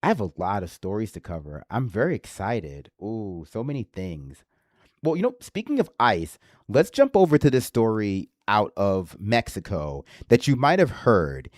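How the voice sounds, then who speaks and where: A man's voice: on the low side, huge pitch swings, moderate pace, hardly any pauses, no room sound, clean studio sound. A man hosting a livestream in casual political commentary, with a slight lisp and a sarcastic, rambling manner that swears freely. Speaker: livestream host.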